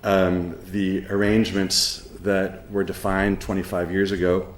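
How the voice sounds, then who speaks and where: A middle-aged man giving a lecture, halting with many ums and uhs, with a dry sense of humor. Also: low-pitched, little pitch movement, reverberant. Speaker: professor giving a conference talk. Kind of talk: spoken lecture with an anecdote.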